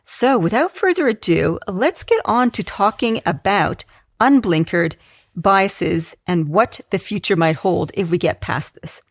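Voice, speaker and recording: A woman's voice: medium pitch, lively intonation, measured pace, no echo, studio quality. An Australian woman hosting a podcast, enthusiastic and laughing often. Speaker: podcast host. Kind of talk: casual podcast interview. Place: Canberra.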